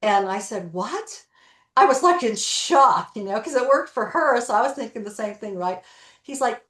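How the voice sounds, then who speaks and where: A woman's voice: a little high, moderate pace, roomy sound. A woman telling stories in an interview, acting out the dialogue as she goes. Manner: animated storyteller, acts out dialogue. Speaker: guest, real estate broker. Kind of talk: storytelling interview.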